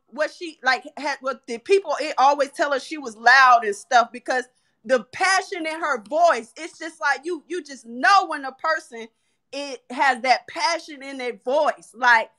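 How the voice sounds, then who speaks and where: A woman giving a loud, passionate motivational talk to an online audio room. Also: high-pitched. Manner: loud, passionate, emphatic, preacher-like. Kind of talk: motivational speaking.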